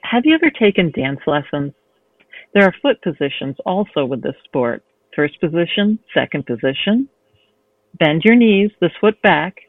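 A woman reading a novel aloud, voicing a courtly male fencing instructor who gently urges a beginner on. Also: fairly high pitch, sing-song, normal speed, dry recording. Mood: coaxing. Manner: smooth, encouraging, gently insistent. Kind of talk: read-aloud novel excerpt. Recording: tinny phone-line sound, dry.

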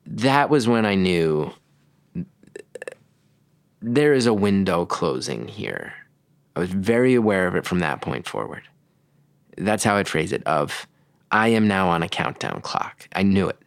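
A man's voice: sits low, sing-song, unhurried, vocal fry, pauses often, no echo. A man from New Jersey, a podcast guest, answering candidly and reflectively with some restarts. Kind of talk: interview answers.

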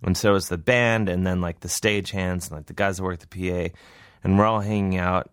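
A man's voice: low-pitched, steady tone, fairly quick, clear, resonant tone, no echo, studio quality. A man who is a comedian, telling a story in a casual interview, rambling and self-deprecating. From Cleveland. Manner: rambling, self-deprecating, acts out voices in quotes. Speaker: comedian guest.

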